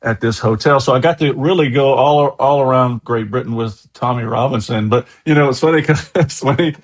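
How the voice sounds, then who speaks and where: A man's voice: mid-range voice, normal speed. An American man, a guest on an interview show, telling long enthusiastic anecdotes in a casual, chatty way. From USA.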